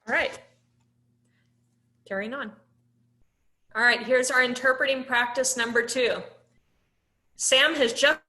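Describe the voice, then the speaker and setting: A woman with a fairly high, bright and forceful voice teaches a live online class through her laptop microphone. Her delivery is conversational and loose, with frequent "um"s. She keeps turning to the class with questions. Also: echoey room. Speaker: instructor.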